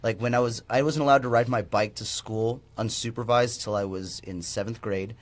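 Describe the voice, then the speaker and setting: A man's voice: medium pitch, steady tone, normal speed, no room sound. A man guest and musician on an interview podcast, telling enthusiastic stories casually.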